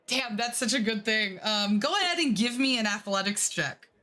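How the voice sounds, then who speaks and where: A woman's voice: a little high, moderate pace, bright, forceful tone. A woman narrating a tabletop game as game master, chatty with many fillers.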